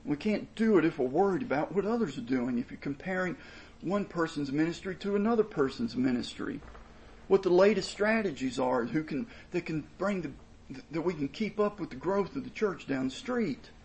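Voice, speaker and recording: Gravelly-voiced man preaching earnestly. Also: fairly high pitch, expressive, moderate pace, darkish tone, slight background noise, poor audio. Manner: earnest expository preaching, emphatic and repetitive. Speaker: pastor. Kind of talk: sermon.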